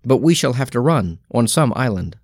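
A man reading scripture aloud in a slow, measured liturgical style, pausing phrase by phrase. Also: mid-range voice, animated, darkish tone, breathy edge, dry recording, studio quality. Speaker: scripture reader.

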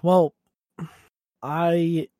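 A man's voice: on the high side, flat delivery, warm tone, dry recording, studio quality. A man hosting a casual podcast chat, often laughing between remarks. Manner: slow talker who laughs often.

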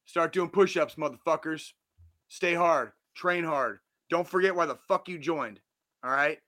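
A man's voice: on the high side, measured pace, bright, forceful tone. Blunt, profane man in his forties. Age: 40s. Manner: earnest, reassuring pep talk. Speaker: podcast host. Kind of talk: casual motivational monologue.

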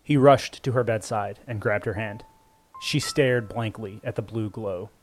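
A man narrating a story in a measured, even storytelling voice. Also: lowish voice. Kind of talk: scripted audiobook narration. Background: faint music score.

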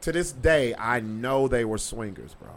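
Animated, profane male podcast host. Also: mid-range voice, unhurried, noisy background. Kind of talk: casual storytelling chat.

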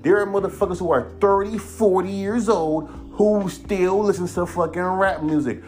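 Soft music plays as a man in his thirties, a rapper hosting a casual podcast, rants with heat and plenty of swearing, wandering from point to point. He talks at normal speed in a high, slightly mellow voice.

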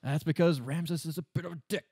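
A man's voice: on the high side, fairly even intonation, quick pace, creaky, a little mellow, husky, no echo, studio quality. A man co-hosting a casual comedic chat, recapping a game plot with sarcasm and frequent laughter. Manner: sarcastic, joking, laughs often, trails off with fillers. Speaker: podcast co-host.

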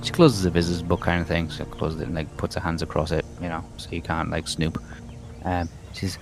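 A man's voice: low voice, level tone, brisk, creaky, soft background music. A man narrating a tabletop game as game master, rambling with many fillers.

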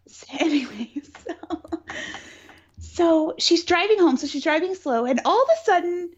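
A woman's voice: very high-pitched, lively intonation, unhurried. A woman co-hosting a podcast, casually retelling a story with lots of fillers and sarcastic asides. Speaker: podcast co-host recapping a film. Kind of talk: casual chat. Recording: dull lo-fi sound.

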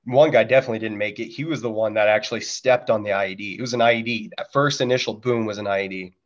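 A man's voice: fairly low pitch, fairly even intonation, quick pace. Candid, profane male storyteller, lo-fi audio. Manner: candid and profane, mimics gunfire sounds. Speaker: podcast guest, Marine veteran. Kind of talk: casual storytelling.

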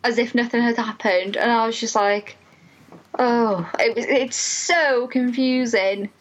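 A young woman, a student mental health nurse, telling a personal story in an animated, emotional way, full of "like" fillers. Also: a little high, unhurried, dull audio.

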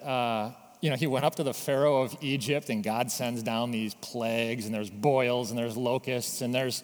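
A man's voice: medium pitch, fairly even intonation, normal speed, hardly any pauses. A man preaching a sermon in a conversational teaching manner, asking rhetorical questions. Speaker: pastor. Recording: long hall reverb.

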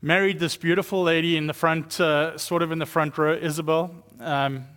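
A man's voice: on the high side, fairly even intonation, moderate pace, fairly bright tone, clean tone. A South African man in his thirties or forties, a guest speaker giving a chatty, joking testimony sermon with many fillers. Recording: long church hall reverb.

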